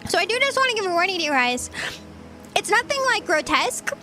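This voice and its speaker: A woman's voice: very high-pitched, sing-song, quick pace, bright, forceful tone, soft background music. A woman VTuber streamer chatting casually with viewers while she eats, giggly and rambling. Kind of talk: casual livestream chat.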